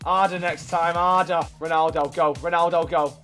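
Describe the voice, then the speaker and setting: A young man with a high voice narrates his football matches as he plays, swearing freely and yelling at his opponents. His commentary swings into frustrated rants, with faint music under his talk. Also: steady tone, moderate pace. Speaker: gaming YouTuber. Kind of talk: live gameplay commentary.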